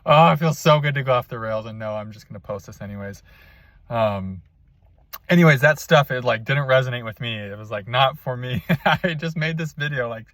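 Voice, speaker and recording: Young adult man, spiritual coach type, rambling and candid, mid-pitched, dry closed-in sound with no room echo. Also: normal speed, a bit bright. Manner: rambling, candid, self-conscious, with frequent fillers and restarts. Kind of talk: casual spiritual vlog monologue. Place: inside a parked car.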